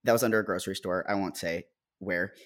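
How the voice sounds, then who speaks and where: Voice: sits low, steady tone, fast. An American podcast co-host and musician telling rambling, wry stories in casual chat.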